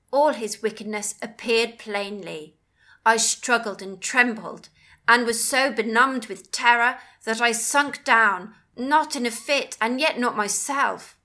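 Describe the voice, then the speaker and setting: A woman narrating a first-person audiobook with measured, earnest storytelling. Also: on the high side, sharp tone.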